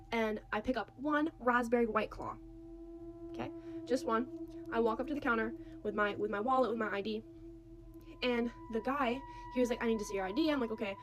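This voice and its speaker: A woman's voice: on the high side, a little hiss or hum. A young woman telling a story casually, full of "like" and acting out what others said. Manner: animated, quotes others' voices, many "like"s.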